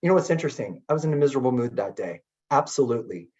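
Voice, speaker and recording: A middle-aged man telling a story in a webinar talk as keynote speaker, chatty and animated with many filler words. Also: mid-range voice, very fast. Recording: dull lo-fi webinar audio.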